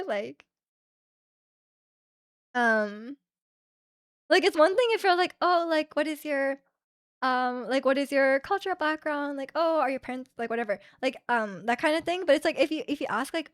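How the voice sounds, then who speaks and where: A woman's voice: sits high, moderate pace, no room sound, clean studio sound. A young woman streaming from Canada, chatting casually with her viewers, rambling with lots of fillers and acting out the people she quotes. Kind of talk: casual chat with live chat.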